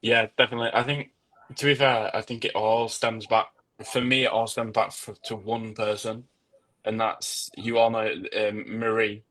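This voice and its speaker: A man's voice: fairly low pitch, little pitch movement, normal speed, fairly bright tone, poor audio. A young man, a hairdresser on a panel, earnestly telling a personal story. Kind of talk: panel discussion.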